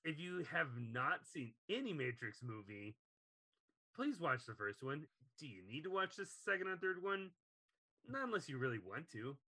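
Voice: medium pitch, very animated, normal speed, bright, forceful tone. A podcast co-host in casual chat, playful and jokey.

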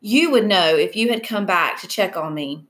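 A woman's voice: mid-range voice, animated, moderate pace, fairly bright tone, lightly acted. A woman voicing a fifteen-year-old girl who speaks in a curt, spiteful way. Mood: defiant.

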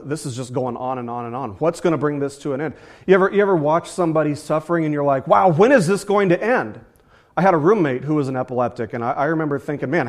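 A man preaching a conversational sermon. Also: mid-range voice. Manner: conversational preaching, animated emphasis with repeated phrases. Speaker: pastor.

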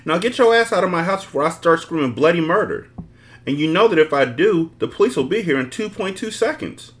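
A man's voice: on the high side, animated, brisk, a bit bright, voice pushed up. A man reading aloud and voicing a fiery young woman who angrily curses out an ex-lover. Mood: furious. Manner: angry, profane, snapping.

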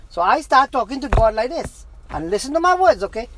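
Street interviewee: man with a high voice and an intense, insistent delivery that keeps repeating itself; faint traffic noise behind. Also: big pitch swings, fairly quick, rough recording. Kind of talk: emotional personal testimony.

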